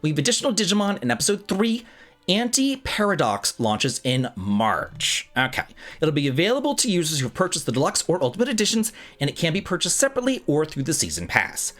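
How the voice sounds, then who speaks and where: A man's voice: a little high, a bit bright. A man hosting a casual gaming news roundup, reading items aloud with jokey, self-mocking asides and stumbling over odd names.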